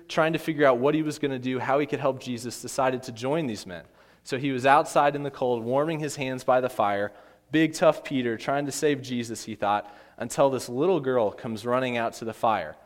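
A man's voice: medium pitch, normal speed. A man preaching a sermon, telling a Bible story with acted voices and emphatic repetition. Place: church. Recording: long hall reverb.

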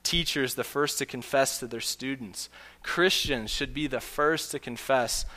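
A man's voice: mid-range voice, unhurried, sharp tone. A man preaching a sermon in earnest, telling a story to make his point. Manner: earnest, storytelling with acted quotes. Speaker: pastor. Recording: long hall reverb.

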